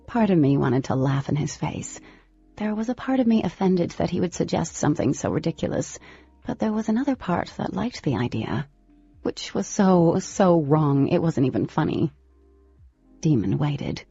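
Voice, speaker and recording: A woman narrating a first-person novel in an expressive, animated way. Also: low-pitched, moderate pace, gravelly, slightly rough, no room sound. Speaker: audiobook narrator. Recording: slightly lo-fi with faint music.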